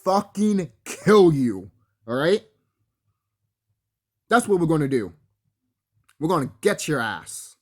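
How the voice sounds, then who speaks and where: A man's voice: fairly high pitch, big pitch swings, unhurried, pauses often, husky. A man delivering a solo spiritual rant to camera, profane and confrontational, talking straight at his enemies and laughing between threats. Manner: breaks into laughter, mimics others in quotes. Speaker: vlogger.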